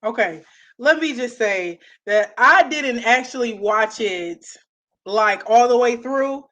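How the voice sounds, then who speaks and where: A woman co-hosting a casual chat show, talking in an animated, emphatic way and repeating her phrases. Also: on the high side, takes it slowly. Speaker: co-host.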